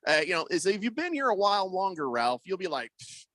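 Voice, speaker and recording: A man's voice: high-pitched, quick pace, dry recording. A middle-aged man hosting a radio show, chatting casually and telling rambling stories, acting out voices in his anecdotes. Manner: rambling storyteller, animated, acts out voices in anecdotes. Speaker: radio host. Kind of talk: casual sports radio chat. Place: radio studio.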